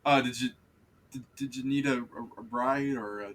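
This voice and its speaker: A man's voice: medium pitch, fairly even intonation, normal speed, fairly bright tone, lightly acted. A man voicing an awkward young male wizard who is bookish, socially clumsy and stammers with hesitation. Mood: flustered. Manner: hesitant, stammering, full of fillers.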